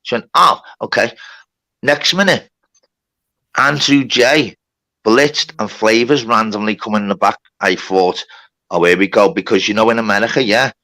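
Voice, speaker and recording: With a lowish voice and a sharp edge, this man spins a long, casual story on his livestream at a moderate pace. He swears a lot and quotes what people said along the way.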